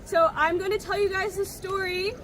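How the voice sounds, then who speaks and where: A woman's voice: very high voice, steady tone, normal speed, a little hiss or hum. A young adult woman student speaking nervously and emotionally at an outdoor rally, telling a personal story. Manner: nervous, warm, filler-laden, emotional. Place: outdoor campus green. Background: crowd.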